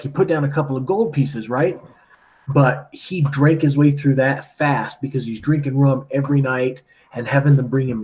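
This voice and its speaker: A man's voice: medium pitch, mellow. Chatty man retelling a story to a class. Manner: chatty, lots of "like" and "right?". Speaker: teacher. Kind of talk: casual storytelling to students.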